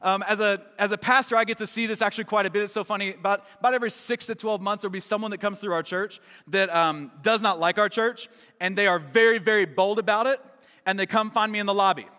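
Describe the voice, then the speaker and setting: A man's voice: high-pitched, fast, bright, forceful tone, clean tone. A man from Kentucky preaching a casual, joking sermon as a church pastor, full of "right?" and "man". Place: large church auditorium. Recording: long hall reverb.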